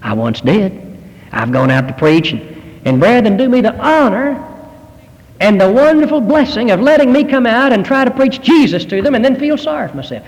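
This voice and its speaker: A man's voice: very high voice, big pitch swings, moderate pace, in a large hall, low-quality recording. An older man preaching a sermon, telling stories with earnest, rising emphasis.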